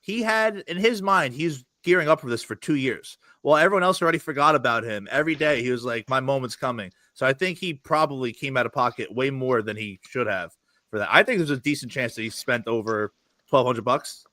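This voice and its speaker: A man sits in as a podcast guest and spins rapid, profane anecdotes, laughing as he goes. His voice is bright and forceful, and the sound is dry and close with no room around it. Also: medium pitch, lively intonation, no echo. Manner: fast, profane storytelling with bursts of laughter. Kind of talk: casual podcast chat.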